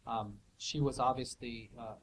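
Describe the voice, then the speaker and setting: A man's voice: medium pitch, steady tone, a little slow, slight background noise, low-quality recording. A man answering student questions in a casual academic way, thoughtful and hesitant, with many fillers and restarts. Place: office hour recording.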